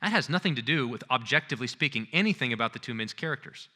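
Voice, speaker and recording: A male lecturer giving a conference talk in an animated, conversational way, acting out scenes as he goes. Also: medium pitch, quick pace.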